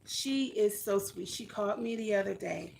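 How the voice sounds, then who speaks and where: A woman's voice: medium pitch, moderate pace, creaky, darkish tone, a little hiss or hum. A woman chatting casually on a homesteading livestream, reading comments and thinking aloud in a chatty, self-deprecating way. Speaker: homesteading vlogger.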